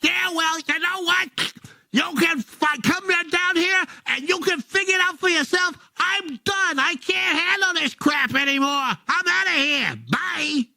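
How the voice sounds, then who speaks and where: A man's voice: very high-pitched, a little slow, no room sound, voice pushed up, full character voice. A man voicing an exasperated male tow truck driver who rants at his dispatcher that he cannot handle the job. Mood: fed up. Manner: ranting, fed up, shouting at dispatch.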